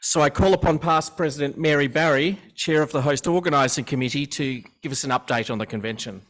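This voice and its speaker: A man, the club president, chairs a meeting in a hotel function room, speaking haltingly with fillers and restarts. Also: on the high side, a bit bright. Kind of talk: meeting emcee.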